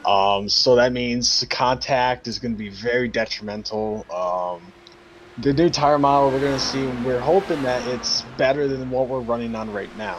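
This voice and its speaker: A man's voice: mid-range voice, normal speed, a little hiss or hum. A man joining a sim racing broadcast as a guest, explaining tire strategy plainly, with a few ums. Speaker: guest commentator. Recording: dull lo-fi voice chat line.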